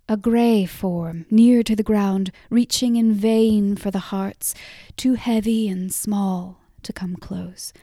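A woman narrating a fantasy audiobook in a measured, softly drawn-out storytelling voice on a close mic. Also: medium pitch, fairly even intonation, dry recording. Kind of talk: scripted narration.

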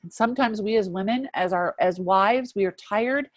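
A woman's voice: medium pitch, normal speed, no echo. Earnest woman in her fifties, dry sound. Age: 50s. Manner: earnest, reflective, often softening to a hush. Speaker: interview guest. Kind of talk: personal faith testimony.

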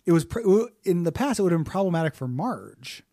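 A man's voice: very animated, mellow, no room sound. Man co-hosting in casual chat, dry sound. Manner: joking, drops into a slow low put-on voice. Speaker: podcast co-host.

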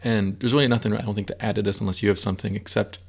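A man's voice: fairly low pitch, steady tone, racing, creaky. A man co-hosting a podcast, casually retelling a film's scenes and acting out characters' lines as he goes. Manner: acts out film characters' lines while retelling. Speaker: podcast co-host. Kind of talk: casual chat retelling a film.

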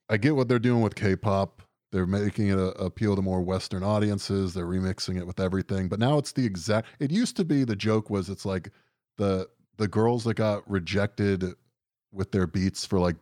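A man's voice: deep voice, fairly even intonation, normal speed, a little mellow, no room sound, studio quality. A young man chatting casually on a podcast, rambling and sardonic, swearing often and leaning on fillers. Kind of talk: casual chat.

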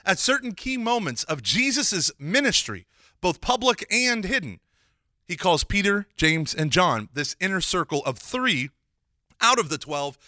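Guy teaching scripture all animated, high voice that jumps around a lot. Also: measured pace, dry recording, clean studio sound. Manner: animated, acts out quoted dialogue; casual slang mixed with scripture. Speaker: Catholic teacher. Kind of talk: lively teaching talk.

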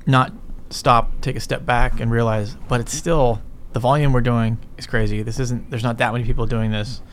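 A middle-aged entrepreneur guest talks at a moderate pace in a mid-range voice with fairly even intonation. He wanders through his points casually, cursing often and ending them with "right?", and there's slight background noise.

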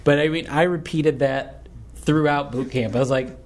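Relaxed joking man on a podcast. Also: on the high side, moderate pace. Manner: relaxed, joking, says "dude". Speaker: podcast co-host. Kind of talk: casual podcast chat.

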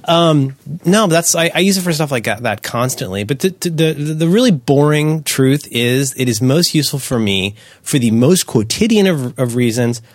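A man's voice: mid-range voice, expressive, normal speed, few pauses, no echo. A man co-hosting a podcast, chatting casually with wry, rambling, self-mocking asides. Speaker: podcast co-host.

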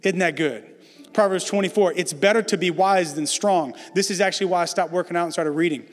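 A man's voice: high voice, a little fast. A middle-aged man preaching a sermon to a congregation, emphatic and conversational, with self-deprecating jokes. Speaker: pastor. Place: large church hall before a congregation. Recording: reverberant hall with soft music behind.

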